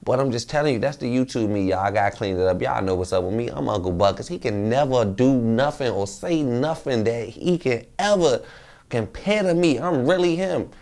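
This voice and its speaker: Casting: man with a gravelly voice, YouTuber recounting a street story in rambling, slang-heavy talk. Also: mid-range voice, a little fast. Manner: animated, rambling, repeats himself, slang-heavy. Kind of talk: casual storytelling to camera.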